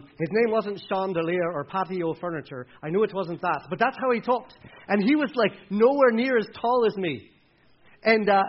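A man in his forties delivers a sermon as a meandering personal story. His voice sits a little high, and he keeps stopping to correct himself before acting out what people said. The recording sounds dull and lo-fi. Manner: rambling, self-correcting, acts out quotes with raised voice.

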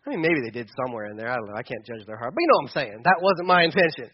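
A man's voice: medium pitch, lively intonation, rapid-fire, hardly any pauses, husky, dull audio. A middle-aged man preaching, telling a personal story candidly with a self-deprecating touch and many fillers and restarts. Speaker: pastor. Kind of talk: sermon storytelling.

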